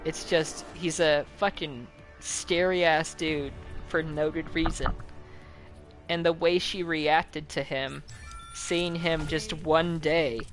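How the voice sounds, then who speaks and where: A man's voice: on the high side, fairly bright tone. A young man chatting casually while gaming, rambling with lots of fillers and frequent swearing. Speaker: gaming channel host.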